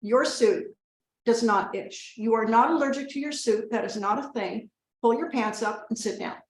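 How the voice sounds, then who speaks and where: A woman with a natural voice on the high side, speaking at normal speed, plays a middle-aged mother rambling through a wedding toast. It's a chatty comic monologue, broken by her scolding and coaxing her family, recorded with a roomy echo.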